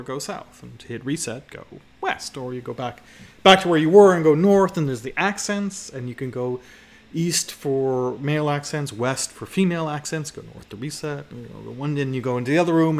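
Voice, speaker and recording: Rambling male presenter checking "okay?". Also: medium pitch. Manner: loose, rambling, many restarts and "okay?" checks. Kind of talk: live conference talk.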